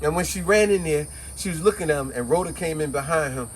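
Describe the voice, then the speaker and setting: A fairly high-voiced man in relaxed conversation, walking a listener through a novel's plot. he tells it like a lively storyteller, jumping into the characters' voices as he goes. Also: fast, slight background noise. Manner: animated storyteller who acts out the quotes. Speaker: book reviewer. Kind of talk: casual retelling of a novel.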